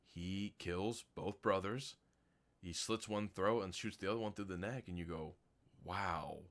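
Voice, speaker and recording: Man, very low voice, casual movie review, blunt, lots of "like" and "um". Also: moderate pace, fairly bright tone. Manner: loose and chatty, full of "like" and "um"; blunt, critical and easily amused.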